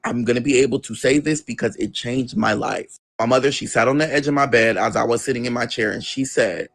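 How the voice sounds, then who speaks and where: A young man with an average-pitched voice tells a story from his own life in an interview. He is animated and conversational, and he swears freely. He slips into the voices of the people he quotes. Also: a little fast, few pauses. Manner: swears casually. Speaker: guest.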